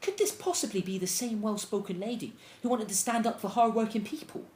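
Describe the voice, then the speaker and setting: A young man delivering a deadpan, rambling comedic monologue as a self-absorbed character. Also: high-pitched, brisk, a little hiss or hum.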